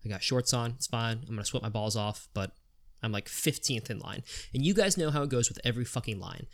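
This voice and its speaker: Podcast host, male, casual storyteller, lively quoting of others. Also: mid-range voice, fairly quick. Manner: animated retelling with quoted voices, swearing.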